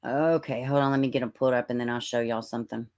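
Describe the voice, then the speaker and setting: Southern woman, low voice, chatty livestream host who calls viewers honey. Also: fairly even intonation, quick pace, a little mellow. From Middle Tennessee, US. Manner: chatty, drawling, greets viewers as honey and baby. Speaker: true-crime livestream host. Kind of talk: casual livestream chat reading comments.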